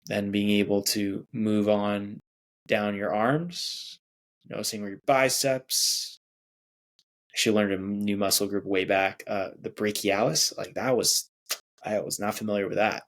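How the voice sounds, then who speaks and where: A man's voice: on the low side, fairly even intonation, a little slow. A man hosting his own show, leading a casual, chatty guided body scan meditation with sighs and small laughs. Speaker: podcast host.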